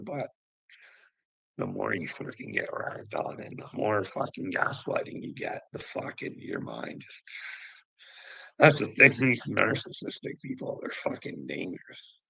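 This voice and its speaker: A man's voice: lowish voice, big pitch swings, measured pace, bright, forceful tone, dry recording, poor audio. A man telling a personal story to camera in a rambling, profane way, often laughing as he goes. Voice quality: gravelly. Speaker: vlogger.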